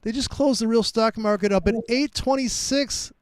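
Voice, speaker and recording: Casual trading streamer, male, high voice, dry mic, loose profane storyteller. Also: normal speed, smooth, no echo. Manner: animated storyteller, swears freely. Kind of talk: casual chat.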